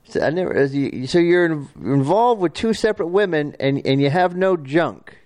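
A man's voice: a little high, lively intonation, normal speed, a little mellow, low-quality recording. A man playing a folksy, stammering talk show host in an improv comedy sketch.

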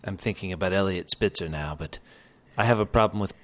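A man doing a crude, bitter little nobleman with a put-on posh English accent and a lower voice. He speaks in a theatrical, pompous way in a comedy sketch. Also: a little fast, a bit bright.

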